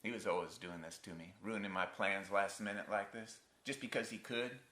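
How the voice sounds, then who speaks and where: A man's voice: on the low side, fairly even intonation, normal speed, pushed and bright. A rueful, haunted son telling his story. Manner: rural folksy dialect, wry storytelling. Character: grown man haunted by his abusive father. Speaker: actor in a stage monologue. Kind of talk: theatrical monologue. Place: theatre stage. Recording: roomy theatre sound.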